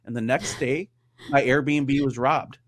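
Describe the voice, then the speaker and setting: A man's voice: mid-range voice, steady tone, slow, dry recording. Man telling long rambling stories. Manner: rambling anecdotes with acted quotes. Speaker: guest, radio news host. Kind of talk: casual chat. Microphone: wearing headphones on a call.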